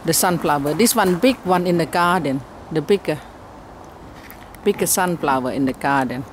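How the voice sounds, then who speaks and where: A woman's voice: deep voice, normal speed, slight background noise. A Thai-accented woman, a native Thai speaker, giving a chatty tour of her home garden outdoors in simple broken English. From Thailand. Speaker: gardening vlogger.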